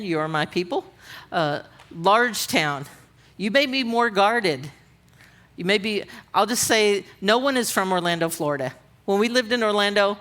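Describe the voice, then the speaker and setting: A woman's voice: mid-range voice, a bit bright. A woman giving a conversational, humorous sermon at a women's conference, often asking the audience questions. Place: church auditorium.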